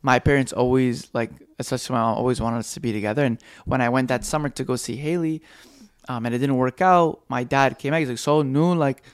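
A young man co-hosting a podcast, telling stories in a casual, animated way and acting out the people he quotes. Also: mid-range voice, fast talker, clear, resonant tone, no room sound, studio quality. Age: young adult. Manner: animated storyteller who acts out quoted voices. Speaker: podcast co-host. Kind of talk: casual chat.

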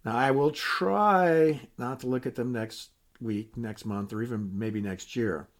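A man's voice: medium pitch, a little slow. An older, retired man hosting a podcast in a folksy, candid, self-deprecating way, with frequent restarts. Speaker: podcast host. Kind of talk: casual podcast monologue.

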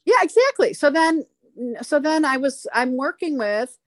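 Rambling middle-aged woman, high-pitched. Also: measured pace, no room sound. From Chicago. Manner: rambling, animated storyteller. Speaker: stand-up comedian. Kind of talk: casual interview chat.

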